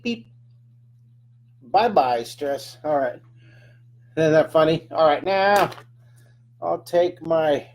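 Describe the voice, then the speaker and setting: A man's voice: a little high, a little mellow. A man teaching a live drawing lesson, chatting through each stroke with playful sound effects.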